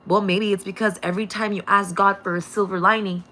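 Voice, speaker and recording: A woman with a bright, forceful voice delivers a loose, rambling spiritual message straight to her listeners. She circles back over the same phrases, breaks into laughter, and drops swear words without a pause. A faint hum sits under her voice. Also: medium pitch, steady tone. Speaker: spiritual channel reader. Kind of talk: casual spiritual message to viewers.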